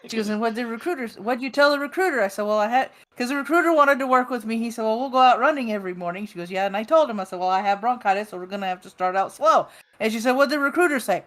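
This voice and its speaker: A woman in a casual chat, telling a quick story and laughing along. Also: fairly high pitch, fairly bright tone. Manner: chatty, laughs while telling stories.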